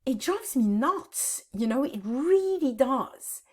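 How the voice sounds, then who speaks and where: A woman in her fifties talks to camera from her home office, halting and close to tears as she vlogs. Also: high voice, animated, a little mellow. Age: 50s. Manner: halting, repeats words, tearful. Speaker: decluttering vlogger. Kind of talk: emotional vlog to camera.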